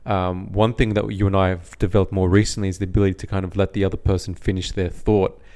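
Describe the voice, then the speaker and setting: A man's voice: deep voice, level tone, fast talker, a little mellow. A young Australian man co-hosting a podcast, chatting casually and reflectively, often repeating himself as he thinks. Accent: neutral Australian. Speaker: podcast co-host. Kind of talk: casual chat.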